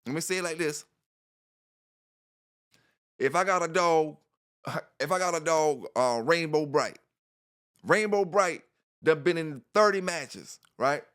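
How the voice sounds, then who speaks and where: Rambling man with a higher voice. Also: takes it slowly, pauses often, fairly bright tone, clean tone. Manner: rambling, repeats himself, frequent "you know". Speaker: dog channel host. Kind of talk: casual spoken monologue.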